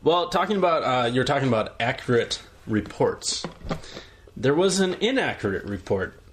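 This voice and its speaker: A male podcast co-host talks casually at a middling pitch. He rambles and often restarts his sentences as he goes. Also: very animated, moderate pace. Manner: rambling, many fillers and restarts. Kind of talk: casual chat.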